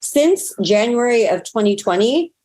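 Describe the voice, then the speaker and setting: A little slow in delivery, this woman in her thirties is being interviewed and relates a personal story. Her tone is earnest and expressive, rising abruptly in pitch at moments of excitement.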